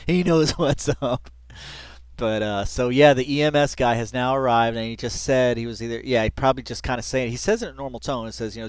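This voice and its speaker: A man's voice: mid-range voice, no room sound. Man, casual reaction commentary, laid-back, laughs a lot, dry close sound. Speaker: reaction video host.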